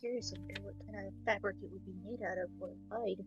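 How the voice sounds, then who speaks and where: A woman's voice: medium pitch, fairly even intonation, fast, vocal fry, dull audio, over music. A woman playing in a tabletop role-play game who talks in a hesitant way, full of "like" and restarts. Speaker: player.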